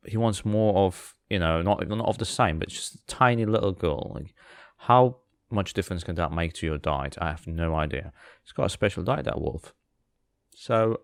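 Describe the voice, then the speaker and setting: A man's voice: low voice, dry recording, studio quality. A man hosting a podcast, retelling a fairy tale with sarcastic, rambling asides and many fillers. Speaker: podcast host. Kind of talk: comic storytelling.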